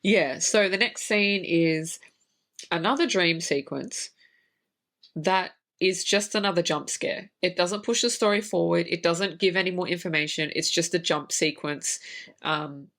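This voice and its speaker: A woman's voice: on the low side, measured pace, fairly bright tone. Swearing woman ranting about a film. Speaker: podcast co-host; horror writer. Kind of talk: casual movie review chat.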